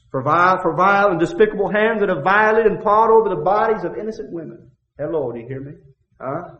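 A man preaching a fiery sermon in a church, dropping to low murmurs and then building to shouted climaxes, with call-and-response asides. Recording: echoey, muffled church recording.

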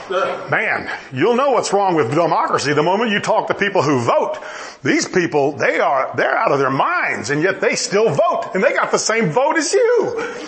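Animated male preacher with lively pitch. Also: a little hiss or hum. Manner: animated, acts out dialogue with rising pitch and humorous asides. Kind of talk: sermon.

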